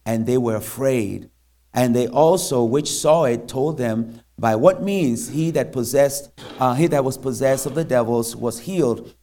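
A man preaching as a missionary in a church, halting and full of fillers, then reading scripture aloud. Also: mid-range voice, dark tone. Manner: halting, many fillers and restarts.

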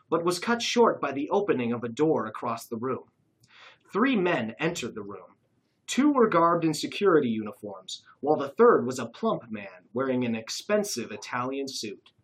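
A narrator reading a comic caper story aloud, expressive and lively. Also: medium pitch, moderate pace, breathy edge, poor audio.

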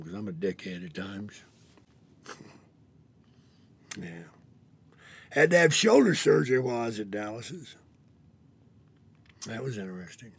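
A man telling a blunt, profane personal story as a show's host, often sinking to a hushed near-whisper. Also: on the low side, normal speed, pauses often, a little hiss or hum.

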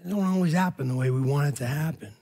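Husky-voiced male preacher. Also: fairly high pitch, fast talker, dark tone. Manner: casual, emphatic preaching with frequent "man" and "all right?". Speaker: pastor. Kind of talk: sermon.

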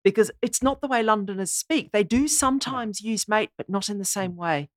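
A woman's voice: mid-range voice, normal speed, dry recording, clean studio sound. A woman guest in a podcast discussion, explaining and lecturing on how words are used. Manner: explanatory, lecturing on language usage. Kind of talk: casual discussion.

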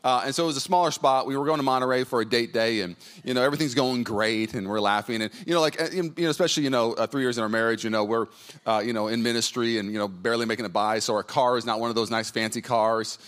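Man, pastor, sermon, rapid conversational delivery, medium pitch, many fillers. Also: fairly even intonation, a bit bright, smooth. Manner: chatty, storytelling, many fillers and restarts. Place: church hall before a congregation.

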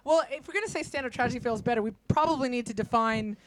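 A man's voice: very high-pitched, fast, no room sound. A man co-hosting a live comedy show in a casual, chatty way, explaining what the evening is about. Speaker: co-host.

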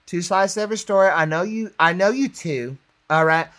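A man putting on a Southern drawl to voice an older mother who calmly lectures that every story has two sides. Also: high voice, fairly quick. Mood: lecturing. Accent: Southern US (put on).

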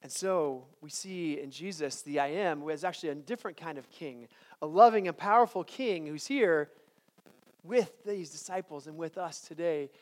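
A man with a high, light voice preaches to a chapel congregation. He talks in a loose, conversational way, often restarting words, then builds into strong, repeated declarations. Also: normal speed. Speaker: chapel speaker. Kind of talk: sermon.

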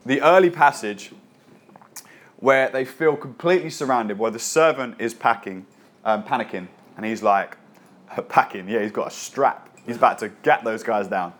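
A man's voice: medium pitch, moderate pace, a bit bright. A man preaching a sermon as a pastor, reading scripture and then talking in a casual, joking, conversational way.

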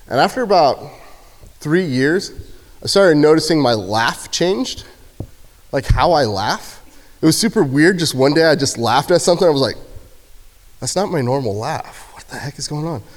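A man giving a casual youth sermon in a church, joking and acting out shouted quotes. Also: mid-range voice, lively intonation, normal speed. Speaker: youth speaker. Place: church sanctuary. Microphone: handheld microphone. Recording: hall reverb.

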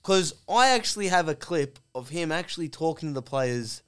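A young Australian man cohosting a podcast, riffing in crude, mocking banter and swearing every few words. His voice sits high and swings wildly up and down, and the tone stays smooth and clean throughout. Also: expressive, moderate pace, fairly bright tone. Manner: swears constantly, mocking, sarcastic. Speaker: podcast co-host.

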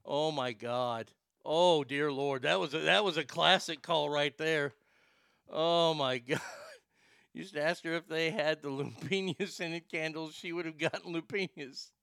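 A man's voice: a little high, a little slow, gravelly, a bit bright, clear, resonant tone, no room sound, clean studio sound. A man hosting a talk show, pranking a call center and joking about it afterward with stammering restarts. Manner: jokey, giggly, stammering restarts. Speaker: show host making prank calls.

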